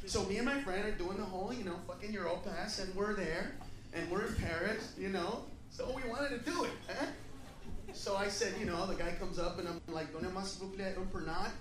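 An American man doing a stand-up comedy set, loud and profane, shouting through his characters' voices. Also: sits high, fairly quick, reverberant, distant mic, background noise. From United States.

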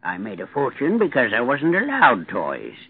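A man's voice: mid-range voice, huge pitch swings, normal speed, husky, full character voice. An actor playing a cantankerous, willful rich man of ninety-three who grumbles with childlike defiance, in a radio drama. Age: older. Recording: phone-like lo-fi radio recording.

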